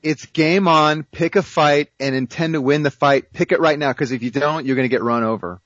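A man's voice: on the high side, normal speed, a bit bright, dry recording. A man from the United States speaking as a guest on a talk show, emphatic and insistent. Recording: dry muffled lo-fi audio.

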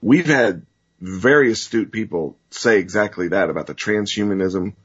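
A man hosting a talk show interview, excitable and quick to exclaim. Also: lowish voice, slightly rough. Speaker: host. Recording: muffled lo-fi audio.

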